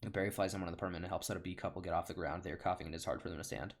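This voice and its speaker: Young man, deep voice, deadpan home-recorded script read, tired. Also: rapid-fire, hardly any pauses. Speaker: online comedian. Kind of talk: comedic script reading.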